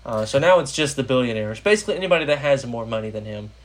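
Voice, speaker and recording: A man's voice: medium pitch, animated, quick pace. A young American man hosting a casual political podcast, rambling with lots of fillers. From United States. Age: young adult. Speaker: podcast host.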